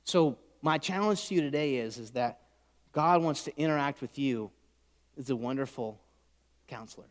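A middle-aged man preaching a sermon, swinging from loud shouts to soft whispers. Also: mid-range voice, moderate pace. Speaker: pastor. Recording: long hall reverb.

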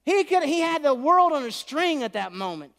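High-voiced preaching man in a reverberant hall. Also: normal speed, gravelly. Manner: animated preaching, swings from loud pleading to soft. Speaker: pastor. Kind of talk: sermon.

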